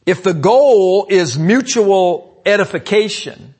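A man preaching a sermon, calling out "amen?" to the congregation and swinging between loud emphatic lines and low asides. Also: animated, slow pace, breathy edge. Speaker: pastor.

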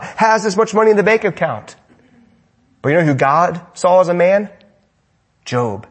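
A young man preaching a sermon to men, with emphatic repeated rhetorical questions, swinging between loud and soft, and ending in prayer. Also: a little high, husky.

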